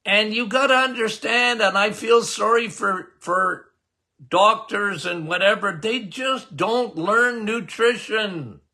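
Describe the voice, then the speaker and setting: Older guy doctor podcast host, highish bright voice, slow and punchy, keeps repeating stuff. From Canada. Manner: emphatic, repetitive, folksy, addresses listeners as guys. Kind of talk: casual health talk to listeners.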